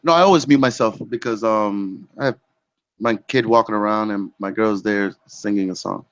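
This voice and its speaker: A man's voice: on the low side, moderate pace, clear, resonant tone, highs cut off. A man chatting on a group video call, who hesitates often and repeats his words. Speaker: panelist in a group video chat. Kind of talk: casual chat.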